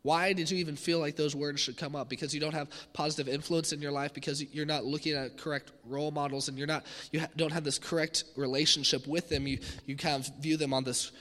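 A man in his thirties giving an animated sermon, acting out the voices of the people he quotes. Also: a little high, fast, hardly any pauses. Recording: echoey hall.

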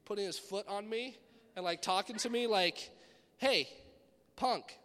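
A young man, a youth pastor, preaching a sermon as animated storytelling that swings between loud and soft. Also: high-pitched, normal speed, big-room sound.

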